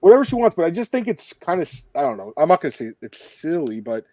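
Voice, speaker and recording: A man's voice: fairly high pitch, big pitch swings, fast, dark tone, no room sound. A man hosting a podcast in casual, joking, rambling chat. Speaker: podcast host.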